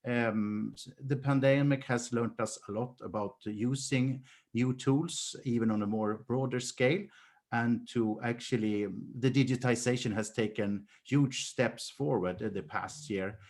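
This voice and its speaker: A man moderating a webinar question session, hesitant with frequent pauses and fillers. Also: medium pitch, steady tone, darkish tone. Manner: hesitant, with frequent ums and uhs.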